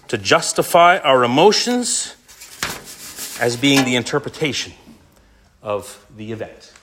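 An earnest male preacher delivering a sermon at a medium pitch. He presses his points with emphasis and often drops to a quieter voice when he speaks a listener's inner thoughts. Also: big pitch swings, measured pace, pauses often, a little hiss or hum.

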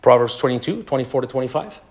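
Animated joking male preacher. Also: mid-range voice, quick pace. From Canada. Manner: animated storyteller, self-mocking humor. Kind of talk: casual sermon storytelling.

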